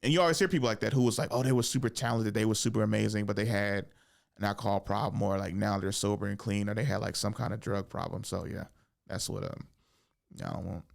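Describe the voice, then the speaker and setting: A young man hosting a podcast, telling a casual comedy story, swearing freely and jumping into high voices when he acts out what people said. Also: fast talker, creaky. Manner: animated, swears often, acts out quotes with big pitch jumps. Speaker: podcast host and stand-up comedian.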